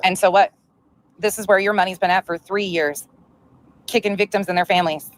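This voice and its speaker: A woman's voice: mid-range voice, fairly even intonation, a little fast. A woman hosting a commentary stream, answering played clips with blunt, sarcastic retorts. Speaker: commentary channel host.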